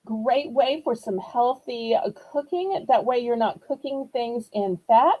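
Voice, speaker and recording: A woman's voice: on the high side, measured pace, mellow, slightly rough, low-quality recording. A woman with a Southern accent hosting a live online auction, chatty and upbeat as she shows items. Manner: chatty, upbeat, playfully sings prices. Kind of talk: live home shopping sale.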